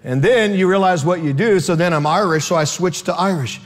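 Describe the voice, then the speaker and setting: A middle-aged male pastor preaching a lively sermon with comic stories, acting out voices and shouting in bursts. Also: high-pitched, brisk.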